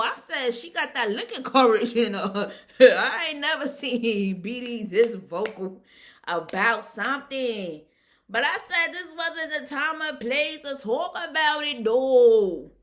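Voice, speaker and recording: Laughing often, a woman whose voice sits high chats her way through a lively, informal recap of a reality show episode in everyday language.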